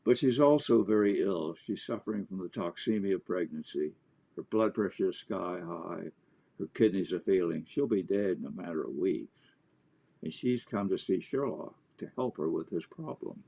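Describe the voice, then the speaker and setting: Man, author, interview guest, animated storyteller, gravelly voice. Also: sits low, moderate pace. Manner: animated, anecdotal.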